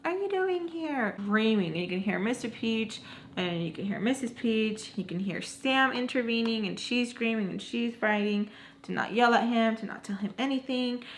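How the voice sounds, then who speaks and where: A woman vlogger casually retelling a personal story, rambling with asides and acting out what others said. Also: medium pitch. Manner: animated, acts out quoted dialogue; rambling, self-correcting asides.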